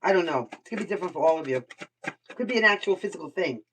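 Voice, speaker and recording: A woman's voice: on the low side, animated, fast talker, fairly bright tone, slight background noise. An older woman from Brooklyn, giving a casual live tarot reading, blunt and chatty and swearing freely. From Brooklyn, New York. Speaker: tarot reader. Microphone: computer mic. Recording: voice somewhat far from the mic.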